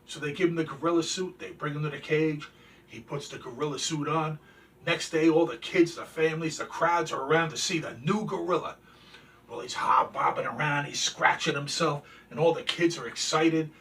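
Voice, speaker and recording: A male show host tells corny jokes and shows off collectibles in a folksy, chatty manner. His voice sits fairly high for a man, and the recording sounds a little distant from the microphone. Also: moderate pace, vocal fry, a bit bright. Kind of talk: telling jokes and showing collectibles. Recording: distant from the mic.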